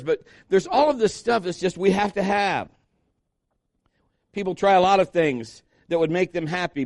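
Male pastor, chatty sermon delivery, slightly high voice, dry sound. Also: no room sound. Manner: conversational preaching, lively asides to the congregation.

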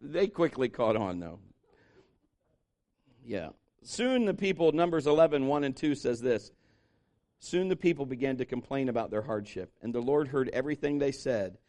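A man preaching a sermon, telling jokes and stories and breaking into loud shouted impressions. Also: medium pitch, moderate pace. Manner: animated, jokey storytelling with shouted impressions. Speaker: pastor.

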